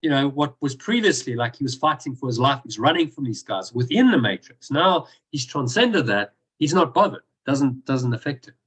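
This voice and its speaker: A man's voice: mid-range voice, animated, moderate pace, hardly any pauses, fairly bright tone, slightly rough, rough recording. A man leading a group discussion, telling stories in a casual teaching way with many restarts. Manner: storytelling with frequent restarts and acted-out quotes. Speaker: discussion and meditation group leader.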